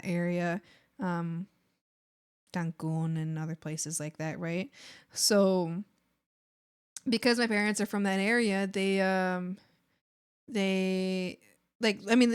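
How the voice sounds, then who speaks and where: A woman's voice: mid-range voice, smooth. A young woman with an American accent, a native Spanish speaker, chatting casually as a streamer while drawing. She rambles along with lots of fillers and restarts.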